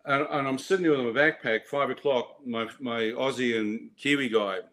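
A man's voice: medium pitch, fairly even intonation, moderate pace, fairly bright tone. An older man telling his life story as an interview guest, vivid and dramatic, with restarts. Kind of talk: animated storytelling.

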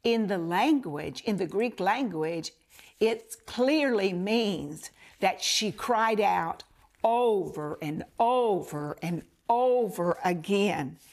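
A woman's voice: mid-range voice, a little mellow. A woman preacher telling a scripture story in an emphatic, repetitive way, often asking the listener questions. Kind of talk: sermon.

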